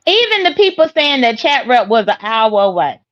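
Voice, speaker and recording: A woman's voice: fairly high pitch, very animated, moderate pace, muffled recording, slight background noise. A woman from South Mississippi, blunt and dismissive, speaking on a live stream panel.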